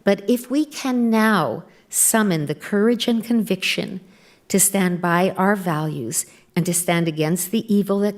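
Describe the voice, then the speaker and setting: Lady giving a slow careful speech, lowish voice, lots of pauses. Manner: slow, measured delivery with deliberate pauses. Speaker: speaker at a policy event. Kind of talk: formal speech.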